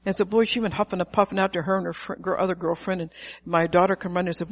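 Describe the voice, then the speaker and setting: A woman's voice: fairly low pitch, racing. A middle-aged woman preaching a sermon, emphatic and calling out to her listeners. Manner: emphatic, calls to the audience.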